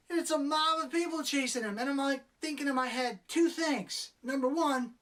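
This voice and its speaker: A woman's voice: fairly high pitch, a bit bright, recorded from a distance. A young adult woman giving a casual spoiler review of a movie, exasperated and profane, doing mocking impressions of the characters.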